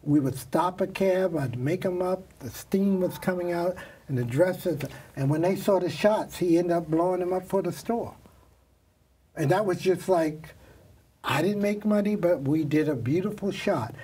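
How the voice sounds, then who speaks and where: An older man, a makeup artist guest, telling animated stories in an interview and acting out the voices of the people in them. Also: high-pitched, normal speed, recorded from a distance, a little hiss or hum. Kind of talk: storytelling interview.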